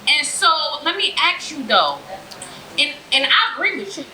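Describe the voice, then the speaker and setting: A woman co-host talks bluntly and profanely in a very bright, high voice, laughing as she makes her points. The sound is roomy, with a faint hum of noise behind her. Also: big pitch swings, moderate pace. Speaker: podcast co-host, therapist. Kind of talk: live podcast talk. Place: patio bar. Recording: roomy live recording.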